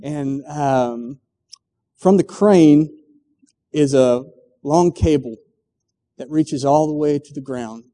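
A man's voice: fairly high pitch, slow pace, pauses often, dark tone. A middle-aged man preaching a sermon, telling a story full of acted quotes and stumbling restarts. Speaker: pastor. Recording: long hall reverb.

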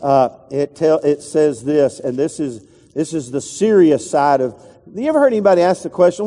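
A man's voice: fairly high pitch, animated, normal speed, mellow, long reverb tail. A male pastor preaching a sermon in a loose, conversational way, with restarts and asides to the congregation.

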